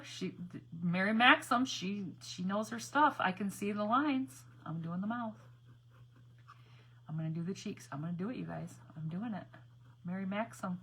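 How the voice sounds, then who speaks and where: A woman's voice: mid-range voice, normal speed, a bit bright, husky. A woman chatting casually to her viewers while doing a craft project, laughing often and muttering to herself as she works. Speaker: craft vlogger.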